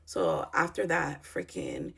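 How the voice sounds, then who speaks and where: A woman's voice: a bass voice, huge pitch swings, slow pace, creaky, fairly bright tone, breathy edge. A woman in her thirties telling a personal story in a vlog, talking in a raw, profane, emotional way with lots of fillers. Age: 30s. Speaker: vlogger.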